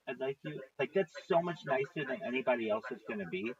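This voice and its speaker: Speaking quickly with hardly any pauses, this mid-range male voice rambles through a story on a casual livestream while a crowd murmurs behind him. He curses a lot and quotes other people in animated voices, all captured in dull, lo-fi stream sound.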